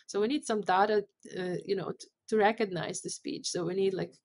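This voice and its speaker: A woman speaking English as a second language, guest on a podcast interview. She explains technical points at a medium pitch, with many fillers, false starts and repeated words as she searches for the phrasing. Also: steady tone, a little fast, background noise. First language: not English. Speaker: CEO and guest.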